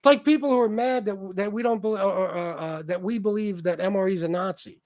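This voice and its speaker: Heated male livestream host, high voice, swearing rant, dry mic. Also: fairly quick, darkish tone, no room sound. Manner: profane, heated, repetitive. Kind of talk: ranting livestream commentary.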